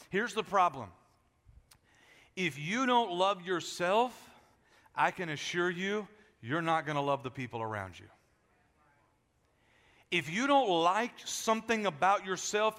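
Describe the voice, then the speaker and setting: A man preaching a sermon in a large church, animated and joking with the congregation, often repeating words as he restarts. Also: sits high. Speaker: pastor. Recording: echoey hall.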